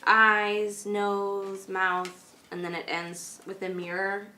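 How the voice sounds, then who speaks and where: A woman talks in a gentle, thoughtful way, often pausing on fillers. Her voice sits at a middle pitch. The room around her is echoey, with a faint hum of noise. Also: monotone. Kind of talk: conversational discussion.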